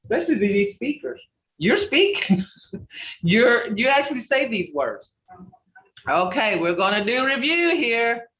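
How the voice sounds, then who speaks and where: A woman's voice: on the high side, big pitch swings, unhurried, long pauses, a bit bright, recorded from a distance. An older woman grandmother leading an online language class, drilling syllables and laughing often. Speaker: language teacher. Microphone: video call. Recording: dull roomy video call audio.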